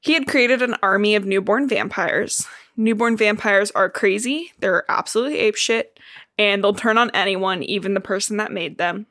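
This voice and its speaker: A woman's voice: medium pitch, moderate pace, fairly bright tone, no echo, studio quality. A woman with a Midwestern American accent, co-hosting a casual book podcast, chatty and swearing freely. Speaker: podcast co-host.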